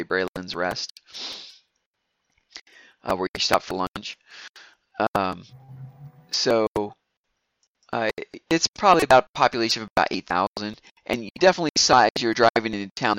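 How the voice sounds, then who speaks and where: A man's voice: on the low side, fairly bright tone, no echo, poor audio. A man narrating as game master of a tabletop game, rambling with many fillers and restarts.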